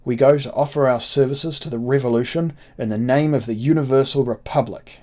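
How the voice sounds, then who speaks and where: A man's voice: mid-range voice, fairly even intonation, fairly quick, dark tone, natural voice. A man doing a proud young German revolutionary. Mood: earnest.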